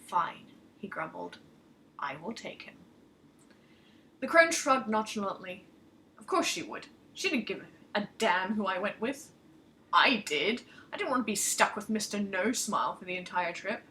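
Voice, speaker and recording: A woman author reading her own short story aloud in lively first-person narration. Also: medium pitch, moderate pace, slight background noise.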